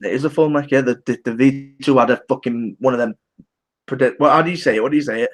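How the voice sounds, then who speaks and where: A man's voice: mid-range voice, fast talker. A man co-hosting a casual podcast chat, rambling and swearing heavily. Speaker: podcast co-host.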